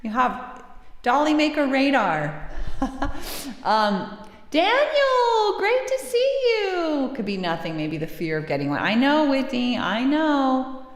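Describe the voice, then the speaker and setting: A woman's voice: fairly high pitch, sing-song, a little slow, roomy sound, in a large hall. A woman hosting a music livestream, chatting casually with viewers and giggling between songs. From United States. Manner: chatty and giggly, reads viewer names aloud. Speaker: singer-songwriter livestream host. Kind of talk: casual chat with live chat readers between songs.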